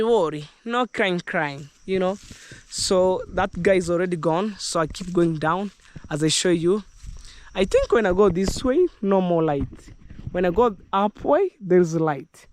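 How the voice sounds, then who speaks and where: A man's voice: high-pitched, expressive, measured pace, clear, resonant tone. A young Kenyan man with a Kenyan accent vlogging while walking through the countryside, chatting casually and rambling upbeat to his viewers with bits of Jamaican slang. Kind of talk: walking vlog, casual talk to camera. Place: outdoors in the countryside.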